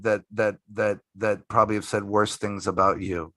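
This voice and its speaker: A man's voice: on the low side, moderate pace, few pauses, fairly bright tone, no room sound. A middle-aged man from the United States, a magician guest, telling a story emphatically, swearing, and repeating himself as he talks. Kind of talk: casual interview storytelling.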